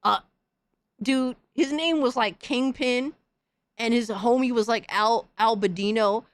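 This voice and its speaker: A woman's voice: a little high, unhurried, no room sound. A woman hosting a podcast, delivering a heated, profane, slang-filled rant in casual commentary. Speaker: podcast host.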